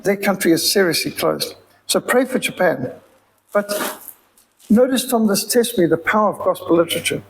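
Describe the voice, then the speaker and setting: High, gravelly Rhodesian-accented man preaching. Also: expressive, brisk, a little hiss or hum, low-quality recording. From Zimbabwe. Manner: emphatic, preacherly. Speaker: missionary speaker. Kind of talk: sermon-style appeal.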